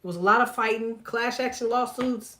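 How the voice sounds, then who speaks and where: Woman, slightly high voice, tarot livestreamer, casual and foul-mouthed, laughs a lot. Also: fairly even intonation, a little fast, pushed and bright. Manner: profane, blunt and jokey, laughs often; talks to viewers directly, reads chat aloud. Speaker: tarot reader.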